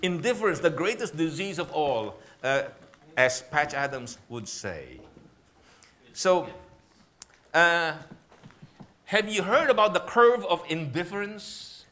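A middle-aged man preaches with lively humor, often breaking into laughter as he acts out his prayers. His voice sits a little high and rings bright and forceful. A faint noise runs under it. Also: takes it slowly. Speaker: pastor. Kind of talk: sermon talk with humor.

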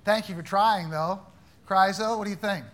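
A man with a high, ringing voice leads a Bible class, firing questions at the room. His tone is bright and forceful, and he teases wrong answers with playful mock-gravity. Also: normal speed. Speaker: Bible study teacher.

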